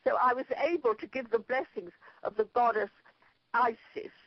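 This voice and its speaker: An older Irish woman, a spiritual leader appearing as an interview guest, tells lively, rambling anecdotes and laughs at her own tales. Her voice is fairly high and moves at normal speed, recorded with no room sound and dull audio.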